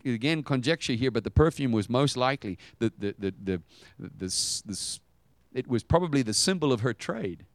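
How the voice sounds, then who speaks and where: Male preacher, mid-pitched, dramatic storyteller swinging from fervent bursts to hushes, dry close recording. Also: no room sound. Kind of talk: sermon.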